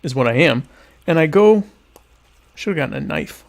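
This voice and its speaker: A young adult man hosting a podcast, answering listener questions in a deadpan, ironic, rambling way while eating dinner. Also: on the high side, moderate pace, vocal fry. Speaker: podcast host. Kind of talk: casual solo chat answering listener questions.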